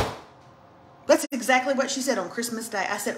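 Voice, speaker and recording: A woman's voice: medium pitch, fast talker, a little hiss or hum. A woman, chatting and joking with viewers on a bedtime livestream at home. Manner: chatty, joking, talks straight to commenters. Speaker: livestream host. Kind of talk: casual live chat to viewers. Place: her home, getting ready for bed. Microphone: phone livestream.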